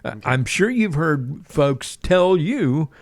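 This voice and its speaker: A man hosting a radio talk show, with an animated announcer delivery and a joking manner. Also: on the high side, slow, dry recording.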